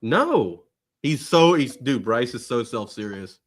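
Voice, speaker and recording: A man's voice: medium pitch, big pitch swings, slow pace, slightly rough. A man from Georgia co-hosting a casual sports betting podcast, joking and playful, never taking things seriously. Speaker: podcast co-host.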